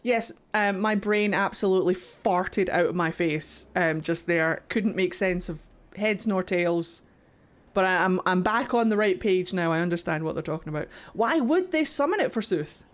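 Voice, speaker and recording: A woman's voice: lowish voice, moderate pace. A woman streamer chatting casually over gameplay, making playful, profane asides. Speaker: game streamer.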